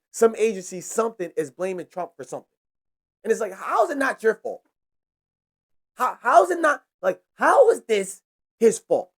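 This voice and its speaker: A young man hosting a podcast, ranting in a heated, profane way and repeating himself for emphasis. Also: high voice. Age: young adult. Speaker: podcast host. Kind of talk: casual ranting monologue.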